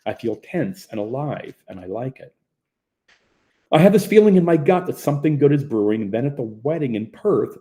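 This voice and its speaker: A man from Ontario reading his memoir aloud in an animated storytelling manner. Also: mid-range voice. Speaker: narrator.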